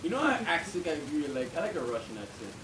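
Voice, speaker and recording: A man in casual chat who talks haltingly, repeats himself and keeps checking that he is understood. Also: fairly high pitch, big pitch swings. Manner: halting, repeats himself, keeps asking "you know what I mean". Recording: roomy, distant mic, noisy.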